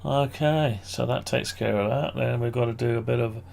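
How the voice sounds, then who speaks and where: A man's voice: mid-range voice, moderate pace, creaky, a little mellow. A man walking through his amateur radio antenna project on screen, thinking aloud and correcting himself as he goes. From United Kingdom. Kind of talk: casual screen-share walkthrough.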